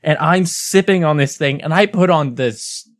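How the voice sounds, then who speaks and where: A man's voice: fairly high pitch, normal speed, no echo, studio quality. Rambling man telling a podcast story. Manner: animated, rambling, frequent "like" fillers. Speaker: podcast host. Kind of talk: casual storytelling.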